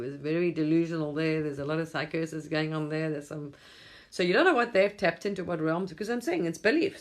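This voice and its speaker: A middle-aged woman from England hosting a casual late-night livestream on her phone, rambling and chuckling often. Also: deep voice. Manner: rambling, chuckles often, mimics voices in quotes. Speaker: livestream host.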